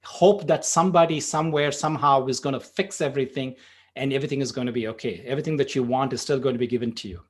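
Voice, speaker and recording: A man leads a workshop on meditation in a plain, mid-pitched voice. He talks casually, sprinkling in "you know" as he explains his points and tells stories, and his pace shifts between rushed stretches and slower emphasis. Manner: conversational, frequent "you know", spurts of speed. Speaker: meditation teacher. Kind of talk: workshop talk with storytelling.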